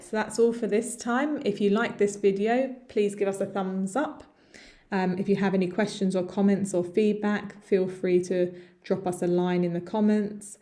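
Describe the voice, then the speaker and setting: A woman with an English accent teaching medical English, repeating words slowly and clearly for pronunciation practice. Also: medium pitch, mellow. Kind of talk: lesson narration over slides.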